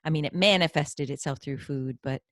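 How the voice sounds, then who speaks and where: A woman hosting a podcast, asking her guest questions with quick, eager reactions. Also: sits low, no echo, clean studio sound. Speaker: podcast host. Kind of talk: interviewing a guest.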